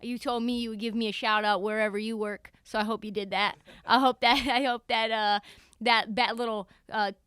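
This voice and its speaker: A young woman hosts her podcast, chatting through an anecdote with lively, offhand energy and casual swearing. Her voice is bright and sharp, smooth and crisp. It sounds close and dry. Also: a little high, normal speed, no echo. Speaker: podcast host. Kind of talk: casual storytelling monologue.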